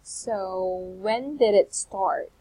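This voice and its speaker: A woman tutoring English in an online lesson, patiently prompting with questions and soft acknowledgements. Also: mid-range voice, very slow, breathy edge, rough recording.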